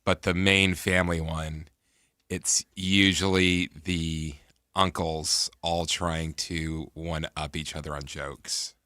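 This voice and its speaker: Low, bright-toned male radio co-host. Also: flat delivery, slow pace, no echo, studio quality. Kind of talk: casual chat. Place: radio studio.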